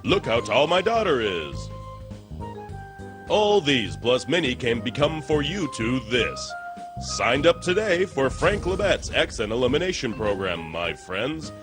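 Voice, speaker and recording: A man playing a proud new immigrant in a spoof advert, speaking in halting, broken phrasing. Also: medium pitch, big pitch swings, over music. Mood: boastful. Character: newly arrived male immigrant in a spoof ad, boastful. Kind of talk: comedy sketch spoof ad.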